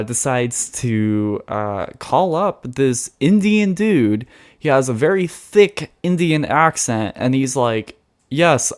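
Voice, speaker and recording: A man giving a casual, blunt film review to his channel, chatty and full of fillers and restarts. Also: medium pitch.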